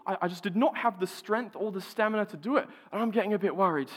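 A man's voice: high voice, fast, breathy edge. Australian man preaching in a reverberant hall. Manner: animated storytelling with frequent stammered restarts and laughs. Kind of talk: sermon with personal story.

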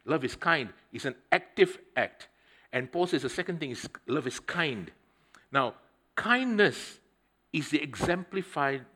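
A middle-aged man preaching a sermon, telling a personal story in a conversational, animated way and speaking straight to the congregation. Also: mid-range voice. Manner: conversational, addresses the congregation directly; animated storytelling with swings in loudness.

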